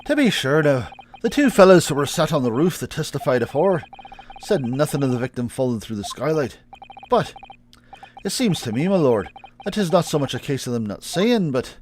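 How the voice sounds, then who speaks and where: A man's voice: a little high, big pitch swings, moderate pace, slight background noise, pitched above the performer's own voice. A man voicing a humble, folksy game character who rambles in a lilting way. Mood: sly.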